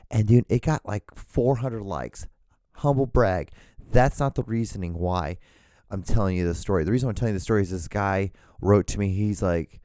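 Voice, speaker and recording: A man's voice: fairly low pitch, normal speed, warm tone, dry recording, studio quality. A man hosting a solo podcast, rambling and ranting with lots of swearing and restarts. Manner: rambling and profane, rants with frequent restarts. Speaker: podcast host.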